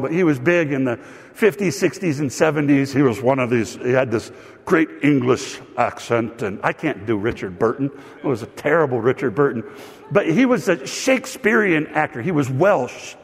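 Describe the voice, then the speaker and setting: A man preaching a sermon as pastor, telling stories with lively asides to the congregation. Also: fairly high pitch, breathy edge. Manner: animated storytelling with asides. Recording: long hall reverb.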